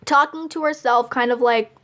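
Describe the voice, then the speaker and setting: A woman's voice: fairly high pitch, fairly even intonation, normal speed, fairly bright tone. A young woman vlogging, telling a personal story in a chatty, confessional way and dropping "like" into nearly every phrase. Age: young adult. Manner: chatty, confessional, laughs between lines. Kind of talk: casual storytelling to camera.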